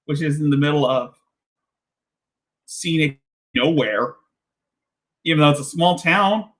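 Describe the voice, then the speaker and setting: A man hosting a reaction commentary, mocking and sarcastic, with jumpy high exclamations. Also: a little slow, a bit bright. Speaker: commentary host.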